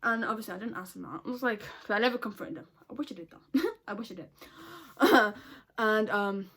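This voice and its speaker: A woman's voice: medium pitch, a little fast, a bit bright, husky. A woman telling a storytime vlog in a casual, blunt way, swearing a lot and laughing often. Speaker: vlogger.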